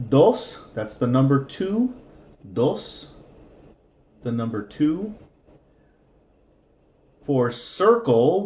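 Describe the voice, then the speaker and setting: A man's voice: mid-range voice, a little mellow, echoey room. A man teaching a language lesson, patiently repeating each word for practice. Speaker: Spanish teacher.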